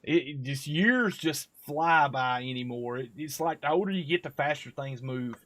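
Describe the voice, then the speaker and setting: A man's voice: a little high, expressive, normal speed, fairly bright tone. A man, hosting a live stream in casual, rambling chat full of fillers and laughs.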